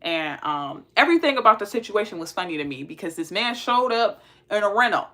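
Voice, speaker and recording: Bright-voiced woman telling a laughing story. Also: medium pitch, a little fast. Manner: animated, laughing, slangy. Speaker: host telling a dating story. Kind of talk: casual storytelling.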